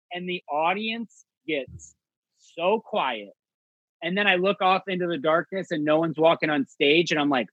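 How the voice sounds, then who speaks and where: A male comedian telling a story in casual chat, animated and acting out voices with big jumps in pitch. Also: normal speed, no room sound, highs cut off.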